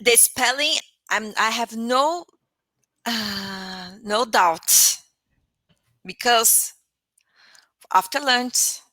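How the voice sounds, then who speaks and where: A woman's voice: fairly high pitch, extremely slow, pauses often, pushed and bright, dry recording. A woman learning English as a second language, speaking hesitantly over a video call and often laughing. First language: not English. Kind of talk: video-call lesson practice.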